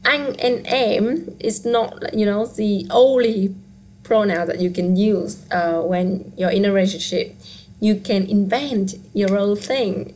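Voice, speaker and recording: A woman, a Vietnamese teacher whose first language is Vietnamese, answers questions in a casual live-stream Q&A, her throat hoarse and scratchy, talking in a chatty way with plenty of fillers. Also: medium pitch. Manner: chatty, relaxed, with frequent fillers.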